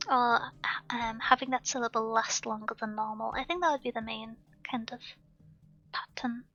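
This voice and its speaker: Brief: high-voiced woman, British with a soft Welsh lilt, thoughtful rambling stream chatter, muffled lo-fi audio. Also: steady tone, normal speed. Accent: near-standard British with a Welsh lilt. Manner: musing, thoughtful, talks with many asides. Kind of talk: casual chat on a live stream. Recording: dull lo-fi stream audio with faint music.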